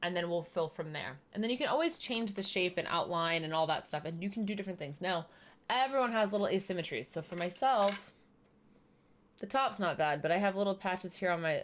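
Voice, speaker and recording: A woman chatting casually while she does her makeup, explaining each step as she goes. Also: on the low side. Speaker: streamer doing makeup. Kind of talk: casual makeup tutorial chat.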